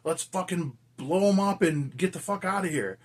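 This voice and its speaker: A man's voice: sits high, normal speed, slightly rough, voice pushed up. A man voicing a furious, foul-mouthed male army captain who barks impatient, profane orders. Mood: angry.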